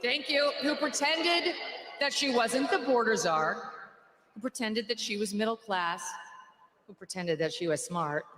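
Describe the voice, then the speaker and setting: A woman's voice: on the high side, lively intonation, measured pace, fairly bright tone. A woman giving a political rally speech, joking and mocking in a sarcastic way. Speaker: rally speaker. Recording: echoey arena with faint crowd noise.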